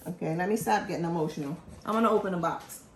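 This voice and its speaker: A woman from Philadelphia hosting a casual show, talking in an animated, joking, chatty way. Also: lowish voice, fast, reverberant, slight background noise. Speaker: host. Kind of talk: casual chat.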